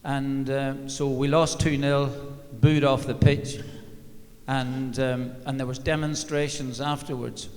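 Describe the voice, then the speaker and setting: A man's voice: medium pitch, little pitch movement, slow, a little mellow. Older man telling anecdotes, wry humour, arena reverb. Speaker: former football manager, guest. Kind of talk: live on-stage storytelling. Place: large arena stage. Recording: long reverb of a big hall.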